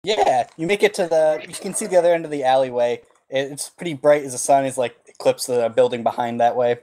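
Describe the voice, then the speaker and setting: A man's voice: medium pitch, fairly quick, darkish tone. A man narrating as game master of a tabletop game, laid-back and full of fillers. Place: home, over an online voice call.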